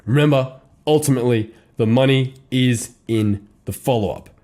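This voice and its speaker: Young guy teaching a course, chill warm voice, super casual and hyped, slangy. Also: medium pitch, normal speed. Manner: energetic, slangy, animated storytelling with voiced asides. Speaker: copywriting course instructor. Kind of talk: casual instructional talk.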